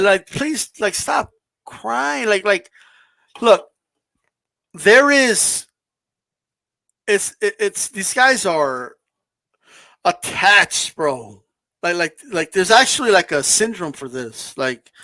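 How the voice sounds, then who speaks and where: A man's voice: high-pitched, bright, forceful tone, no room sound. A man co-hosting a casual boxing talk show, ranting in a brash, profane way. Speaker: boxing channel co-host. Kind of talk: casual podcast chat.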